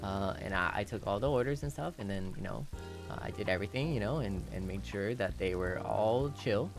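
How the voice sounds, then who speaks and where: A man's voice: lowish voice, a little fast, vocal fry, over music. A young man telling a story in casual streaming chat, rambling with lots of "you know" and restarts and laughing often.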